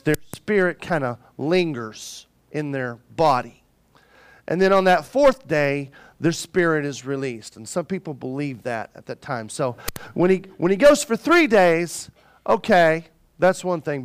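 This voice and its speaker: A man preaching a sermon as a pastor, telling the story in an animated, joking way. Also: a little high, creaky, clear, resonant tone.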